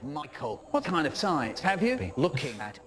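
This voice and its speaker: A man's voice: fairly high pitch, moderate pace. A man acting a dry, sarcastic friend who answers a call in a comedy skit. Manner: flat, sarcastic replies.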